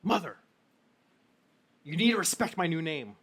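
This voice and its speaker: A woman's voice: fairly low pitch, big pitch swings, normal speed, slightly rough. A woman voicing a pompous, touchy grown man who argues with his mother. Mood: huffy. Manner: huffy and defensive. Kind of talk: tabletop role-play voice.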